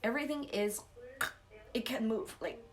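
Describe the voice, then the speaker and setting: A young adult woman giving a casual spiritual coaching talk, animated and laughing, acting out outbursts. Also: a little high, normal speed. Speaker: psychic coach.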